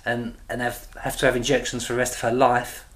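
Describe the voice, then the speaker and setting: A woman's voice: extremely low pitch, level tone, fairly quick. A woman co-hosting a podcast, chatting casually with laughs and swearing. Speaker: podcast co-host. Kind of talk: casual chat.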